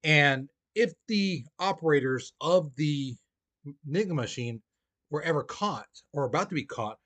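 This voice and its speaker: A man's voice: on the high side, lively intonation, a little slow, a bit bright. A man teaching a history lesson in a casual, conversational way, often checking in with the listener. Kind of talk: recorded classroom lecture.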